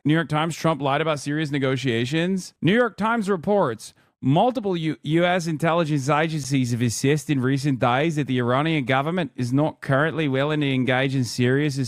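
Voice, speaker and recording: A man reacting to news on a live stream, sarcastic and quick to swear. His voice sits a little high for a man. The sound is dry and close-miked. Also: no room sound. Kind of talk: casual live-stream commentary.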